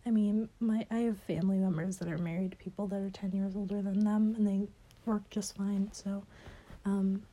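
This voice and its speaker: Mellow young woman, soft rambling Q&A. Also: medium pitch, level tone, normal speed. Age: young adult. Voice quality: slightly stuffy, as if she has a cold. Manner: rambling, hesitant, lots of fillers and soft laughs. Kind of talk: casual Q&A, answering listed questions.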